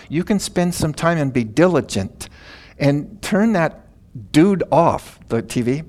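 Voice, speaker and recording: Older male preacher, folksy storyteller, mid-pitched voice, lots of fillers, bursts high and loud then drops to soft asides. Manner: conversational, many "you know" fillers.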